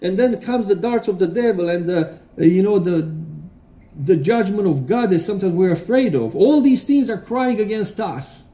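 A man preaching a sermon in a church, earnest and halting, with restarts and fillers, reading quotations aloud with emphasis. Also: high voice, expressive, warm tone. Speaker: pastor. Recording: roomy echo.

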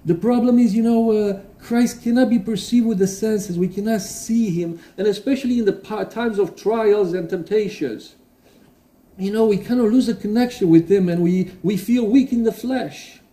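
A man preaching a sermon in a church, earnest and halting, with restarts and fillers, reading quotations aloud with emphasis. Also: high-pitched, dark tone. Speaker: pastor. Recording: roomy echo.

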